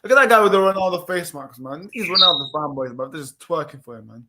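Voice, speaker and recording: Male watchalong host with a slightly high voice, casual and teasing. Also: lively intonation, fast, heavy background noise. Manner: teasing, slangy banter. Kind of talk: casual live commentary chat.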